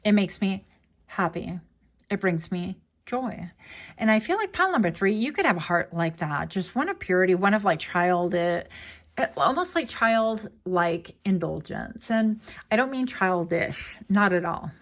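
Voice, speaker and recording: Brief: woman, tarot reader, rambling, playful, mid-pitched voice. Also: big pitch swings, unhurried. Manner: chatty, digressive, playful asides. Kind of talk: casual pick-a-card tarot reading.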